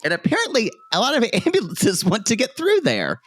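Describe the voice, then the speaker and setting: A man's voice: high voice, brisk, no echo. A man co-hosting a podcast, recapping a show in casual chat and acting out lines with laughs. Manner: animated storyteller, acts out quotes, laughs often. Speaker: podcast co-host. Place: home, street noise outside.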